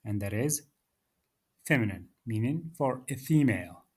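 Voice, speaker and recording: A man's voice: mid-range voice, lively intonation, unhurried, darkish tone, slightly rough. A man teaching a beginner Arabic lesson, patiently saying words for the listener to repeat. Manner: patient, drills words for repetition. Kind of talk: slow beginner language lesson.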